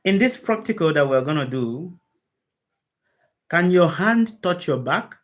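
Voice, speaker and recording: In a deep, low voice, a woman gives an expressive spiritual talk at a measured pace to a video-call group. Emphasis runs through her delivery as she fires rhetorical questions at her listeners and restates her key phrases.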